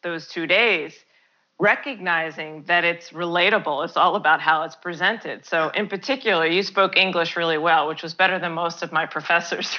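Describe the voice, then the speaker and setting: Woman host, casual and enthusiastic; bright tone, lowish pitch; dull recording. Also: normal speed. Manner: chatty, enthusiastic, laughs easily. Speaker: interviewer. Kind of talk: casual interview chat.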